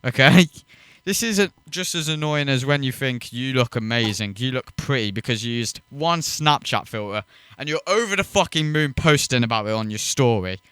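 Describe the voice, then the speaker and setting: A man's voice: on the high side, pushed and bright, clear, resonant tone, dry recording. A man hosting a reaction video, mocking and swearing as he rants in scornful commentary.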